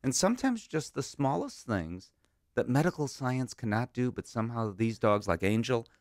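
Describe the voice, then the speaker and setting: A man's voice: medium pitch, big pitch swings, normal speed, no room sound, studio quality. A man hosting an interview, encouraging his guest with questions.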